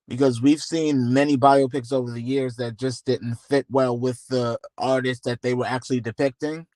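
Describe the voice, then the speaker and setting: A man's voice: mid-range voice, a little mellow, no echo. Man hosting a casual live podcast. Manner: chatty, reads live comments, laughs often. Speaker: podcast host.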